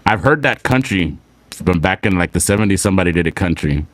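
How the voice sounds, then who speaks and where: Easygoing South Texas host with twang. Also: male voice, low voice, lively intonation, fast talker, dry recording. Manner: easygoing, reads out viewer shout-outs with a slight twang. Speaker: show host. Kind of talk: casual live show chat.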